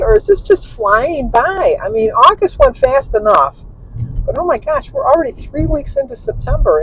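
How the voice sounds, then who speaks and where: Driving along and talking to the camera, an older Michigan woman vlogs in a rambling, casual way, a chatty storyteller who meanders and corrects herself. Her voice is medium-pitched and a little mellow, and the rough recording carries a little hiss or hum.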